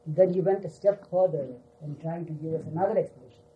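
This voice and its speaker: An older man recalling his time with his teacher for a small gathering, unhurried and often adding "you see". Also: on the high side, fairly even intonation, narrow, tinny audio, slight background noise. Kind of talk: reminiscing talk to a gathering.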